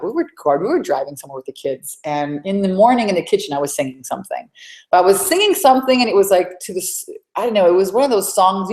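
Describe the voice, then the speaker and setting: A woman's voice: on the low side, a little mellow. A woman hosting a live coaching webinar from home, chatty and rambling with lots of restarts. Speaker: sales coach and webinar host. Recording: echoey room.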